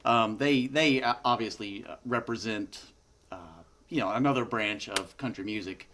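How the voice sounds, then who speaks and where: A man co-hosting a comedy show, joking in a sheepish, deadpan way. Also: lowish voice, moderate pace, a little hiss or hum. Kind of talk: comedic banter.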